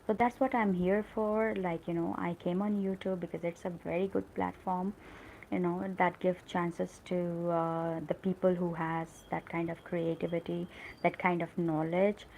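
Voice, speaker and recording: This low-quality recording, with a little hiss or hum, features a woman whose lowish voice is gravelly, a little mellow, flat, and measured in pace. With an Indian English accent, she hosts a live English lesson, keeping the casual live-stream chat encouraging and full of fillers.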